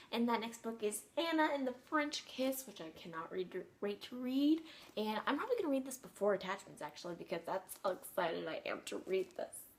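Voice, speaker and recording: A teenage girl with a high, slightly bright voice chats casually about her new books. She's a book vlogger doing a book haul, bubbly and gushing, rambling along with plenty of fillers.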